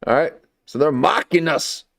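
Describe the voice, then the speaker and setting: A man's voice: on the high side, moderate pace, creaky. A man hosting a late-night commentary stream, talking in a sarcastic, rambling way and often tacking on "okay" and "folks". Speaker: live stream host.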